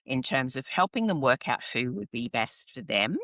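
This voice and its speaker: A woman's voice: rumbling low, sing-song, normal speed, fairly bright tone, no echo, dull audio. A woman with an Australian accent, originally from Scotland, talking as a career counsellor guest in an enthusiastic, chatty way. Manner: enthusiastic, chatty, frequent laughs. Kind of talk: casual podcast interview.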